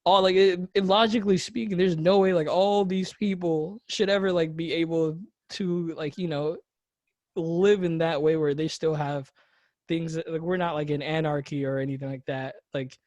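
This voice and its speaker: A man's voice: on the high side, steady tone, normal speed, darkish tone, no echo, dull audio. Rambling young man hosting a podcast. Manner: rambling, full of fillers and restarts. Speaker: podcast host. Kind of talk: casual podcast conversation.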